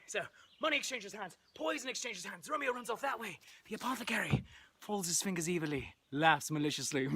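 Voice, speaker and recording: Animated man retelling a play for laughs. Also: high-pitched, brisk, a little hiss or hum. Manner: animated, playful, sound effects and asides. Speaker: comedic Shakespeare performer. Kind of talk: comic storytelling with props.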